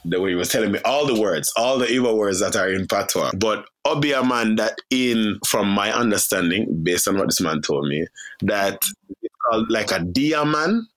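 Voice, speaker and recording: A man with a low voice talks as an interview guest, telling stories and explaining as he goes. His pitch jumps up and down as he gets into it, with restarts along the way. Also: moderate pace. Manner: storytelling, lively swings in pitch, many restarts. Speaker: guest, filmmaker. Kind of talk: relaxed conversational interview.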